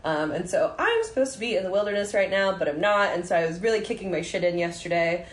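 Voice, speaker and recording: A woman's voice: lowish voice, expressive, quick pace, reverberant. A woman co-hosting a podcast in casual chat, self-deprecating and joking, with some swearing. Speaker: podcast co-host.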